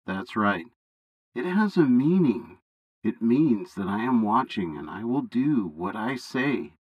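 A man putting on God for a read-aloud bible story, calm, fatherly and commanding. He talks slowly and with steady authority, his phrasing rising and falling widely. The sound is close and dry. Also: mid-range voice, slightly rough, no echo, dull audio, exaggerated voice. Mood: instructive.

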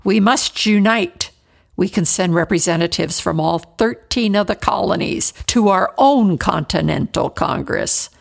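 A woman's voice: fairly low pitch, unhurried, vocal fry, heavily acted. A woman voicing a male colonial patriot in a story reading, speaking earnestly and persuasively. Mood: urging.

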